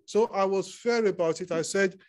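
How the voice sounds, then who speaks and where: A man's voice: sits high, normal speed, voice pushed up, close to an everyday voice. A preacher voicing a sulking grown king who whines that he was fair about it. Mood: aggrieved. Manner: whiny, aggrieved pleading. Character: sulking, self-pitying grown king, male.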